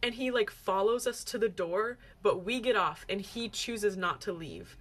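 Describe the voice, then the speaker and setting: A young woman vlogger casually telling a story to camera, animated and chatty, acting out what her friends said. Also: medium pitch, moderate pace.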